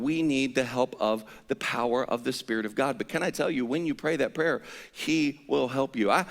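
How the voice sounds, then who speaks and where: A man preaching a sermon as pastor, telling a story with lively, animated delivery that climbs to high-pitched exasperation. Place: church sanctuary. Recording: church hall with long reverb.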